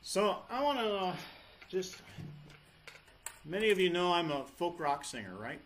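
A folk rock singer rambles loosely between songs at a live show before an audience, meandering and restarting often while an acoustic guitar plays. His high voice swings widely in pitch at a measured pace.

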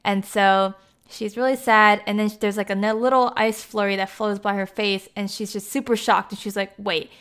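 Woman with a smooth clear voice, chatty recap, says like and you know a lot. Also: mid-range voice, fairly even intonation, normal speed, fairly bright tone. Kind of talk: casual plot recap.

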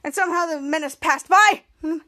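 Podcast host, female, very high and bright voice, rambling casual recapper who acts out character lines with excitement. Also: brisk. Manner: rambling, repeats "cut to" and "somehow".

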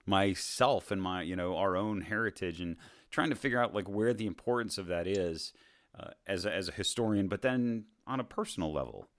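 A very deep-voiced man leads a relaxed whiskey tasting, talking through each step with plenty of "uh" and "so" and restarting his sentences. The sound is dry and close, with no room around it. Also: moderate pace, no room sound. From United States. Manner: explains at length with many fillers and restarts. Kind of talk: casual podcast chat.

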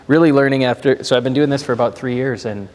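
A man's voice: medium pitch, quick pace, a little mellow. Rambling Minnesotan man. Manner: rambling, with many restarts and fillers. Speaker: podcast guest. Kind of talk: casual conversation. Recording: reverberant room with faint ambient noise.

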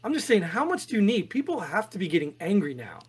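High-voiced man in animated political chat. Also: fast talker, slightly rough. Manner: animated, restarts a lot, exasperated. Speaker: podcast co-host reading headlines.

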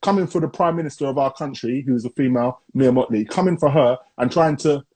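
A man co-hosting a podcast, talking in a slangy, animated way and often repeating himself. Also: medium pitch, quick pace, slightly rough. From Barbados heritage. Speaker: podcast co-host. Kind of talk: casual chat.

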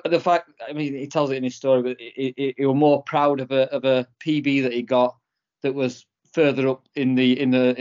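A co-host chats casually on a podcast, trips over his words and restarts often. His pitch is ordinary and middling. The sound is dull and lo-fi. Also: darkish tone. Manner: hesitant, stumbling over repeated words. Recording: dull lo-fi recording.

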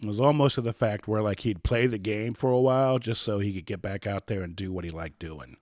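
A man's voice: fairly low pitch, fairly quick, a little mellow, no room sound, clean studio sound. A man telling a personal story as a podcast guest, rambling, repeating words and acting out old conversations.

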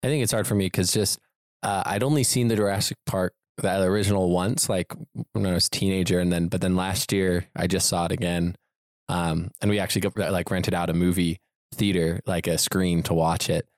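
A man co-hosting a podcast in casual chat, animated, acting out scenes in quoted voices and laughing often. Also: sits low, fairly quick, no echo, studio quality. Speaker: podcast co-host.

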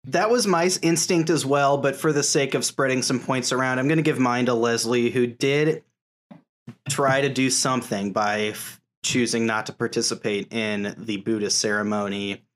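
A man's voice: mid-range voice, fairly even intonation, moderate pace. Laid-back male podcast host. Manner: laughs often, loose and rambling. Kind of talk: casual podcast chat.

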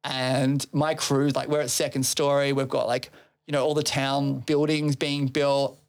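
A man's voice: medium pitch, flat delivery, a little slow. A man who organizes a festival, telling a long story in casual chat, swearing freely and laughing between phrases.

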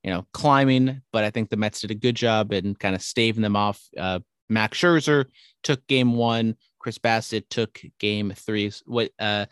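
On a casual sports podcast, a co-host trades upbeat, wry banter about baseball standings, hopping from stats to jokes. He has a clear, resonant voice on the low side, and the studio-quality recording has no echo.

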